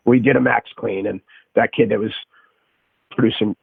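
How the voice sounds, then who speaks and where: A man's voice: medium pitch, a little fast, creaky, breathy edge, no echo. Boston-accented man on a tinny line. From Boston area. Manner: emphatic, explanatory, many restarts. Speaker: guest strength coach. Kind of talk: podcast interview. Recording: tinny phone-like remote call.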